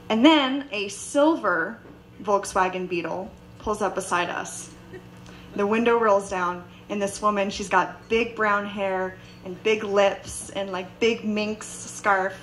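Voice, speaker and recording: Young woman doing a live story set, lively, acts out the voices, mid pitch. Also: low-quality recording. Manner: animated, acts out quoted voices. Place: bar stage before a live audience.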